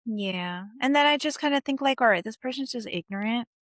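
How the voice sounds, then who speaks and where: A woman chatting on a podcast, her voice sitting a little high. She laughs easily and slips into quoted asides. The sound is dry and close. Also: lively intonation, fairly quick, fairly bright tone, no echo. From mother is Jamaican. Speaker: podcast co-host. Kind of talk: casual chat.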